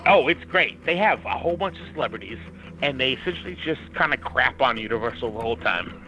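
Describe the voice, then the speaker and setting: A man's voice: mid-range voice, animated, fast, bright, forceful tone, poor audio. A man in a casual talk-show chat, eagerly chiming in with a story. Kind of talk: casual chat over a video call.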